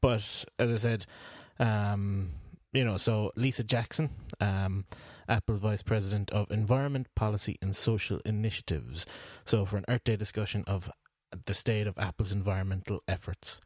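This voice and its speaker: Low-voiced man, rambling podcast chat. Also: steady tone, normal speed, few pauses, a little mellow, no echo, clean studio sound. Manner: rambling with many fillers and restarts. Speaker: podcast co-host. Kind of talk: casual chat.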